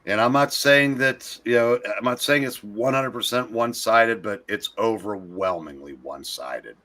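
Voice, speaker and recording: A man co-hosting a live stream, speaking in a measured, halting way with frequent restarts. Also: fairly low pitch, pushed and bright. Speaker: co-host. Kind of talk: casual live-stream chat.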